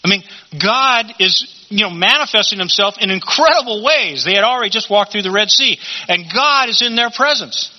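Guy preaching through scripture, kinda high voice, chatty, muffled lo-fi sound. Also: animated, moderate pace. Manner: conversational, asks rhetorical questions. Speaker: Bible teacher. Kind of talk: sermon. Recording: dull lo-fi recording.

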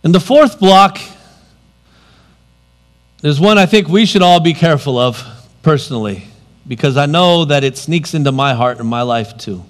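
Lively high-pitched preacher man. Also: moderate pace, pauses often. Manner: expressive, swings between loud emphasis and quiet asides. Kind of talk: sermon.

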